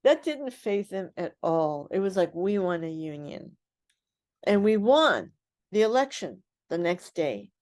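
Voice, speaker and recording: An older woman who is a guest on a radio interview, recounting her past in an animated way and acting out the voices of people she quotes. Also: medium pitch, a little slow. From United States.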